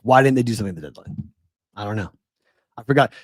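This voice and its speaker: His lowish voice comes out fast and expressive as he rants through exasperated rhetorical questions. He's a sports betting show host in his forties on the West Coast, captured in clean studio sound with no room sound.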